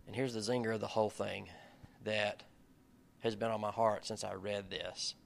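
A man's voice: fairly low pitch, level tone, normal speed, vocal fry, a little hiss or hum. A middle-aged man giving an informal, conversational sermon, earnest and at times building to emphatic peaks. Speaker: pastor or Bible study leader.

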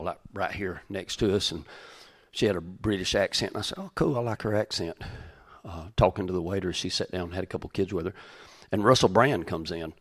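A middle-aged pastor with a low voice gives a conversational, folksy sermon. He wanders into side stories and frequently restarts his sentences.

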